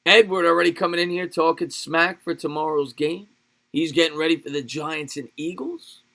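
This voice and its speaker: Male stream host, excitable play-by-play, forceful bright tone, loose chatter between plays. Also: a little high, fairly quick. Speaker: livestream sports host. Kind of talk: live play-by-play and chat with viewers.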